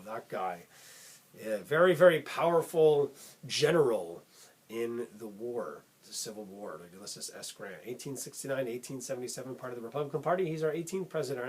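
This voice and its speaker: Upbeat husky man teaching kids. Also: on the high side. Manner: upbeat, chatty, calls things cool. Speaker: music teacher and channel host. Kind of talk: casual lesson for kids.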